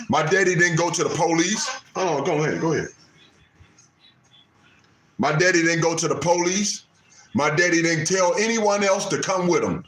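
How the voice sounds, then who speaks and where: A man nearing sixty talks on a live stream in a slightly high voice, repeating himself like a preacher. The room is echoey, with faint noise behind him. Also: normal speed, pauses often. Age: 50s. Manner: preachy, repeats lines for emphasis, Southern American Black vernacular. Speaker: livestream host. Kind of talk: casual live commentary.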